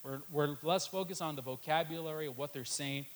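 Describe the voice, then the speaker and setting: A preacher delivers a sermon in a loose, conversational style, dropping many "um"s and repeatedly saying "right there." His voice is a little high and brisk, and the audio quality is poor.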